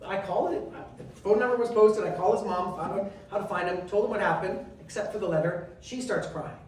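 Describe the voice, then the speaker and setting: A Canadian man, a member of parliament and guest speaker, telling stories in an animated way and acting out quoted dialogue. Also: high voice, fast talker. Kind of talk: storytelling talk. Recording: echoey and distant, faint noise.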